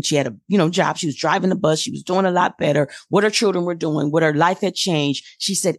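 A woman in her forties telling a personal story in a casual chat, acting out quoted dialogue with lively energy. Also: lowish voice, brisk, hardly any pauses, no room sound, clean studio sound.

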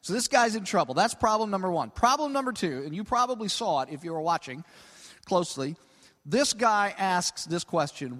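A man's voice: sits high, big pitch swings, brisk, a bit bright. A middle-aged man preaching a conversational sermon, often checking in with "okay?" and stretching key words for emphasis. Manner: conversational, peppered with 'okay?'. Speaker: pastor. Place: large church hall. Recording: long hall reverb.

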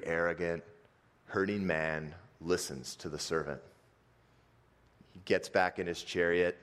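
A man preaching a sermon and retelling a story dramatically, swinging between fast, loud bursts and slow, hushed stretches. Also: deep voice, big-room sound.

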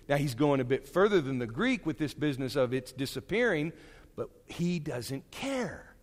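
A man teaching a Bible class in a casual, conversational way. He is animated and digressive, with frequent asides and restarts. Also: medium pitch, long reverb tail.

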